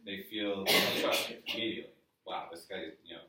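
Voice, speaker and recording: Speaking low, bright and forceful at a moderate clip, this workshop presenter from the New York area coaches a sales team conversationally and asks the room questions. The live session takes place in an office meeting room. The recording is heavily echoey, with his voice far from the microphone.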